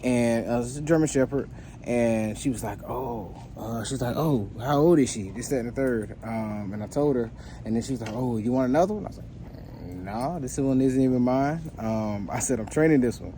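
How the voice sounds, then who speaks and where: A man who works as a dog trainer talks casually to his viewers, recounting a story in a loose, meandering way with plenty of "um"s and restarts. His voice is mellow and mid-pitched, with a faint hiss under it. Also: normal speed. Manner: relaxed, rambling with many fillers and restarts.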